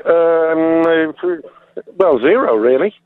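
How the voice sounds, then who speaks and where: Male phone-in caller, slightly high voice, hesitant and blunt, phone sound. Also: very slow, dry recording. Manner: hesitant, full of ums, blunt. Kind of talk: phone-in call. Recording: tinny phone line.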